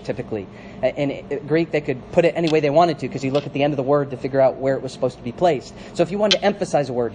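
A man with a high voice preaches a sermon as a pastor. He drops to a hush, then presses words out forcefully and slowly for emphasis. A faint hum of room ambience sits behind him. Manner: emphatic preaching, swinging between hushed and forceful.

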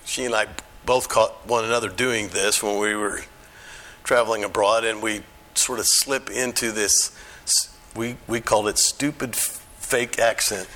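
A man's voice: lowish voice, fairly even intonation, a little slow, pushed and bright. A middle-aged American man giving a conversational church talk, often asking the audience questions. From United States.

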